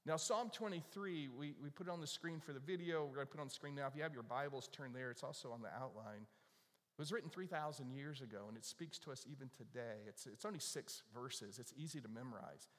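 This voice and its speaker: A man preaching to his congregation in a conversational way, his voice lifting and dropping as he stresses words. He is recorded in a church with a long, echoing reverb, and his pitch sits in an ordinary middle range. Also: fast talker. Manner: animated, conversational preaching with repeated starts. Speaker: pastor. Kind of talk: sermon. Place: church sanctuary. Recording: echoey hall reverb.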